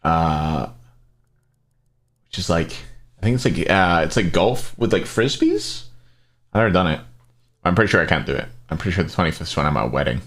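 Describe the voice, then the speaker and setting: A man's voice: deep voice, lively intonation, brisk, a bit bright. A man casting an esports match on a live stream, rambling between plays and answering chat questions aloud. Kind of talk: casual live-stream commentary.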